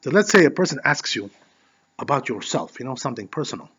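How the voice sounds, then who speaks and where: Fast-talking rabbi, dull recording. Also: male voice, medium pitch, slightly rough. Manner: peppers speech with "you know"; conversational, animated storytelling. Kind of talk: Torah class.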